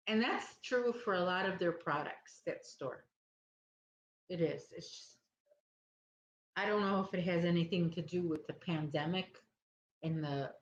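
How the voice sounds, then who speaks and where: Brief: woman, crochet-stream host, lowish voice, rambling and sleepy, roomy dull recording with faint hiss. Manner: rambling, chatty, loses her train of thought. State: sleepy, yawning. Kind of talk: casual chat with live viewers.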